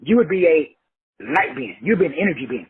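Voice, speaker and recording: Husky high-pitched man preaching on tinny audio. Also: big pitch swings, moderate pace. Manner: preachy, blunt and profane, addresses listeners directly. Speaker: host of a self-help show. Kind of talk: animated motivational monologue. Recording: tinny phone-like dry audio.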